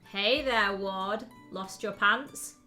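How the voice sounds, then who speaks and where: A woman's voice: mid-range voice, very slow, pushed and bright, faint music behind. A woman voicing a cocky, teasing young man from a story game.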